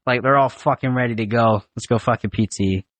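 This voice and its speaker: A man's voice: mid-range voice, fairly quick. A young man, a recent Marine recruit, telling boot camp stories in casual podcast chat, swearing often and acting out his drill instructors. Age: young adult. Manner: animated, profane, acts out drill instructors. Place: podcast studio.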